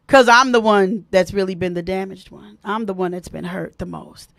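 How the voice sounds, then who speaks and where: A woman hosting a live stream, giving animated, preachy advice and repeating key points for emphasis, speaking. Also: medium pitch, moderate pace, vocal fry, no room sound, studio quality. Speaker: host.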